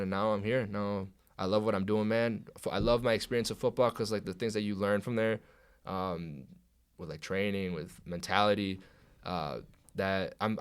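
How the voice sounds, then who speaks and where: A man's voice: low-pitched, clean tone. A young man, a guest on a podcast, telling a story in casual, profane chat and acting out what others said. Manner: profane, animated, acts out quoted dialogue. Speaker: podcast guest, pro wrestler.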